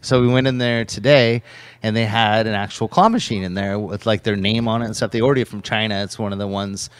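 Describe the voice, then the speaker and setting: Clear and resonant, this man's fairly low voice holds a steady tone at a slightly fast pace, though he's tired after a busy day and his voice is off tonight. A vending operator co-hosting a livestream, he rambles through a long, casual story about his day, often saying "he goes" and raising his voice for the quotes.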